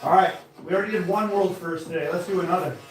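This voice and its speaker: A man hosting a casual live stream of knife-throwing trick shots, chatting to viewers and bursting into excited exclamations. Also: sits high, quick pace. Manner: excitable, breaks into loud exclamations. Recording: echoey room, voice far from the mic, music behind.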